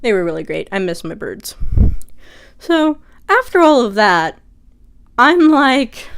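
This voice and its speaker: A young woman casually retelling a story for her vlog, chatty and animated, full of "like". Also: fairly low pitch, clean tone. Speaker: vlogger.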